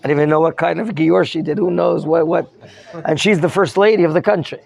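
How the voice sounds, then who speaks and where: A man's voice: a little high, fairly even intonation, fast, gravelly, darkish tone. A man teaching a Torah lesson as a rabbi, questioning his students and mixing in Hebrew terms. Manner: questions the students and prompts answers.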